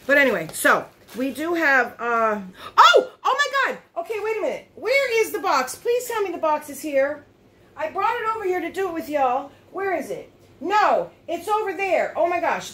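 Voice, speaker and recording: Woman, beauty vlogger, casual chat, fairly high voice, animated pitch, laughs often, phone recording. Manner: chatty, easily surprised, laughs often.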